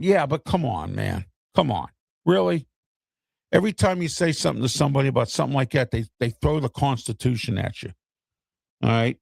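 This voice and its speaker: A man's voice: fairly high pitch, moderate pace, vocal fry, dry recording, clean studio sound. A middle-aged man hosting an opinion show, ranting bluntly and with exasperation straight to his viewers.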